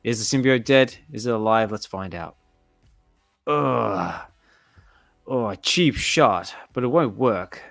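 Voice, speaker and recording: A man casually reading a comic aloud and reacting excitedly to the panels as a channel host. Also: lowish voice, slow pace, gravelly, long pauses, no room sound, soft background music.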